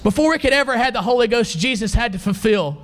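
A man's voice: very high voice, lively intonation, fast talker, fairly bright tone. A man preaching a sermon to a congregation, reading scripture and asking the listeners pointed questions.

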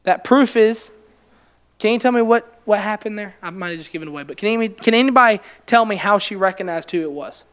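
A man's voice: sits high, brisk, fairly bright tone, smooth. A man preaching a conversational sermon, asking his congregation questions and building to emphatic, rising passages. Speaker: preacher leading a Bible study.

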